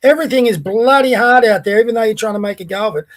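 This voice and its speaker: A man's voice: high-pitched, very fast. An Australian man hosting a podcast, delivering a heated, blunt political rant full of swearing. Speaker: podcast host.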